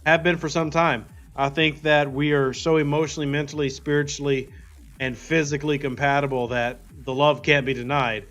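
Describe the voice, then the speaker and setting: A man's voice: on the high side, flat delivery, moderate pace, fairly bright tone, lo-fi sound. A man hosting a casual gaming livestream, reading viewer chat aloud and answering playfully. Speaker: livestream host.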